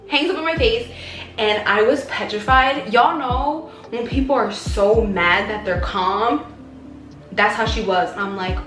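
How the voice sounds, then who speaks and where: Casting: woman in her twenties, higher voice, lively storyteller who slips into other people's voices, echoey room, soft music behind. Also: normal speed. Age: 20s. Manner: animated, acts out quoted voices. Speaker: vlogger. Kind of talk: casual storytime vlog.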